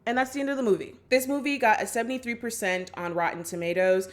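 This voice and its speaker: A woman's voice: on the high side, fast talker. A woman vlogger chatting casually through a movie recap, with lots of "like" and "just like". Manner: chatty, full of "like" and "just like", acts out quotes.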